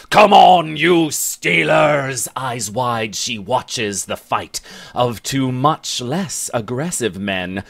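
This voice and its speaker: A man narrating a comic rhyming ballad in a slow, storytelling way. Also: medium pitch, a bit bright.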